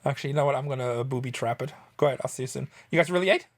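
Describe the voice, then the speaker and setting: A Southern California man who hosts a reselling channel races along in a medium-pitched voice, chatting casually in vlog style in a rambling, wry way.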